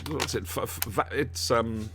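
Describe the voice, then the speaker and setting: A man's voice: medium pitch, measured pace, background noise. A man co-hosting a podcast from home, rambling and searching for words in casual chat over a remote call. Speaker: podcast co-host. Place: home, with dogs nearby.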